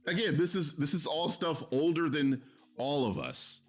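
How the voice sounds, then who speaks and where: A man's voice: mid-range voice, lively intonation, measured pace, soft background music. A man streaming, reacting to a video in heated casual commentary, swearing and mocking with an exasperated tone. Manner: profane, exasperated, mocking laughs.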